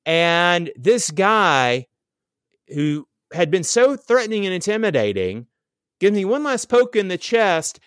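A man telling a story in casual chat, animated and acting out what people said. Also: high voice, slow, clear, resonant tone, no echo, studio quality. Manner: animated storytelling, acts out quotes.

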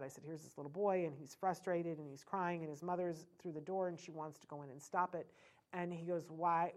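A middle-aged woman talking earnestly to parents, animated and full of restarts and fillers. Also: lowish voice. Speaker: parent educator speaking to parents. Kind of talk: informal talk to an audience.

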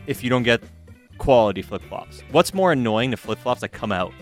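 A man chatting casually as a podcast co-host, with a lively, swooping pitch. He jokes and talks in quick bursts with restarts. Faint music sits in the background. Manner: joking, animated, many restarts. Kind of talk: casual chat.

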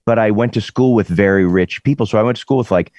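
Casual musician guest in his forties, from Boston, low voice, dry close mic, rambling and restarting. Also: fast, dry recording. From Boston area, USA. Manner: rambling, restarts, animated impressions. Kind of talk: casual interview chat.

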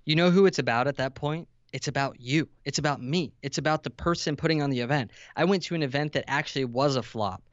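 A man's voice: on the high side, quick pace, few pauses, no echo. Earnest young man, dry dull sound. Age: 20s. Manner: earnest, vulnerable, builds to intense emphasis. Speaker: podcast guest, entrepreneur. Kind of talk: emotional storytelling in conversation.

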